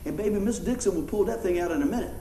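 Man, preaching, folksy and animated, fairly high voice, roomy echo. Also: very fast, background noise. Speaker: pastor. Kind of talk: sermon with storytelling.

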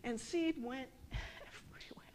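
A woman's voice: sits high, unhurried, a little mellow, slight background noise. A middle-aged woman giving a conversational sermon, often asking the audience rhetorical questions and acting out quotes. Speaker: speaker at a church service.

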